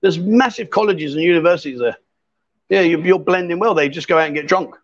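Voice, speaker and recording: A man's voice: on the high side, a little fast. A man hosting a casual live-stream chat, teasing his guest and reading out viewer comments. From England. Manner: teasing, jokey, reads out comments. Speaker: host. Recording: dull lo-fi stream audio.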